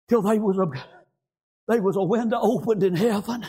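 A man preaching a fervent sermon, chanting "praise God" and "amen" between phrases and swinging into shouts with a rough preacher's cadence. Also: sits high, fairly even intonation, moderate pace, pauses often.

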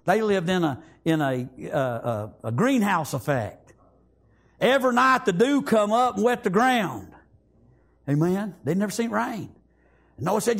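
A man preaching a fervent sermon, calling out to the congregation and swinging between loud and hushed. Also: high-pitched, big pitch swings, a little slow, creaky.

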